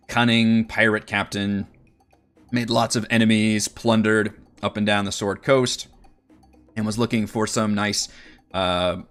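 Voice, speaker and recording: A man with a lowish voice runs an online tabletop game as dungeon master. He narrates in a relaxed way, with plenty of fillers.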